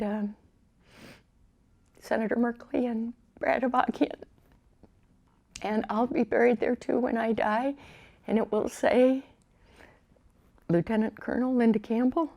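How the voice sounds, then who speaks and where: Older woman veteran, deep gravelly mellow voice, reflective oral-history storyteller. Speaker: veteran telling her story.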